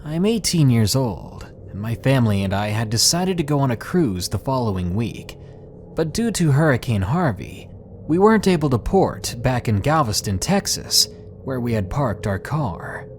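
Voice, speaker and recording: Guy reading out a story, animated voice, faint noise behind. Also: medium pitch, normal speed. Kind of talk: narrating a first-person account.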